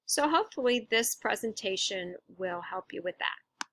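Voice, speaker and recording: A woman's voice: mid-range voice, lively intonation, moderate pace, fairly bright tone, no room sound. A woman teacher patiently explaining a lesson, stressing syllables as she goes. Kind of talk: recorded instructional lesson.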